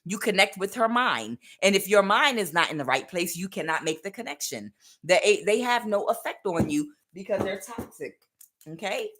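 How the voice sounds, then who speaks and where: A woman's voice: mid-range voice, lively intonation, moderate pace, fairly bright tone. A woman giving a casual spiritual tarot reading, speaking emphatically and directly to the listener. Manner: emphatic, repetitive, direct address. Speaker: tarot reader.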